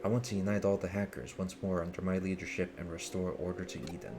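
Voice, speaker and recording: An earnest young hacker leader who speaks in formal, solemn sentences about protecting his world, read by a man in his own deep voice. The voice sits very low. Game music plays clearly behind him. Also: level tone, fast.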